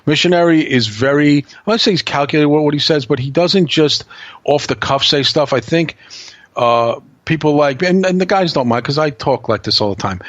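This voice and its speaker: A man's voice: a little high, fairly quick, no echo. Man, podcast guest, blunt, swearing, dry sound, muffled lo-fi line. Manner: blunt, swearing, tells stories. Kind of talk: casual podcast chat.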